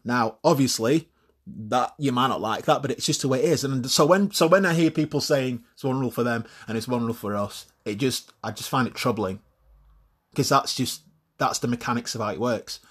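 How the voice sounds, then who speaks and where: Husky-voiced, blunt man. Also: mid-range voice. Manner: blunt, swears freely, repeats words while thinking. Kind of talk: opinionated solo monologue.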